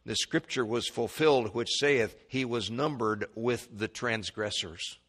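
A man preaching an expository sermon, reading scripture aloud and explaining it, his voice climbing high and loud when he quotes the mockers. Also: measured pace, big-room sound. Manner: rises sharply in pitch and volume when quoting mockers; reads scripture in King James wording with commentary.

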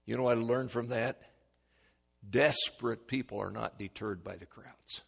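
A male preacher giving a sermon, swinging from hushed, slow pleading to loud, high-pitched shouts. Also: steady tone, gravelly, husky. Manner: dramatic swings from quiet to shouting.

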